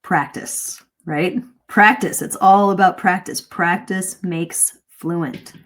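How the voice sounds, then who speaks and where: With a low voice, a middle-aged woman leads a live-streamed English speaking lesson. She's lively, shifting her pace and emphasis as she demonstrates.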